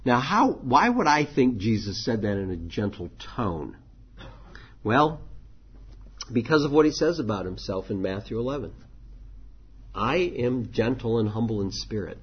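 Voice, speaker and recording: A man's voice: fairly low pitch, husky, dull audio. A man who is a pastor, teaching a church leadership class in a conversational way, with frequent ums and restarts.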